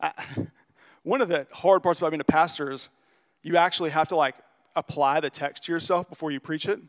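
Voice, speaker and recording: A man preaches in a relaxed, conversational way, his voice sitting a little higher than most men's. He is earnest and confessional in tone, and he slows down to lean on the key lines of a story. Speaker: pastor. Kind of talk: conversational sermon.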